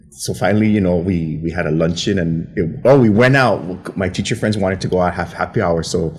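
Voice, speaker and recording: A man's voice: a little fast, hardly any pauses, husky. A man in his forties from Guam, co-hosting a casual podcast roundtable and telling stories with lots of acted-out quotes. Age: 40s. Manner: animated storyteller, acts out quotes in a high voice. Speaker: podcast co-host.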